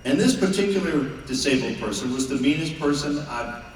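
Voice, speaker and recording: A man's voice: medium pitch, animated, fairly quick. A man answering fan questions at a convention Q&A panel, teasing the audience in a sardonic way. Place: large indoor convention hall. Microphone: filmed from the audience on a far camera. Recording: echoey hall recorded from far off, crowd noise.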